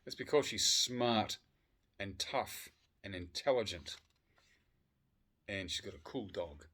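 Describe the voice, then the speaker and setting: A man chatting casually on a vlog, excitable and profane, swinging between loud outbursts and low muttering. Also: slow, breathy edge. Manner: swears freely. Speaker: vlogger. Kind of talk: casual chat.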